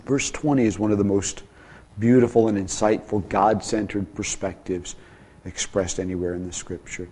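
A man preaching a sermon as pastor, with a dynamic delivery that swings from soft, low passages to emphatic, raised ones. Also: expressive, normal speed.

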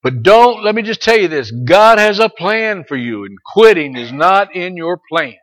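A middle-aged pastor preaches to his congregation in a voice pitched a touch high for a man. He moves between quiet, conversational asides and loud, stretched-out calls not to give up. Now and then he turns to single listeners and speaks to them by name. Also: very animated. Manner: preaching that swings between soft asides and loud, drawn-out exhortations. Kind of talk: sermon.

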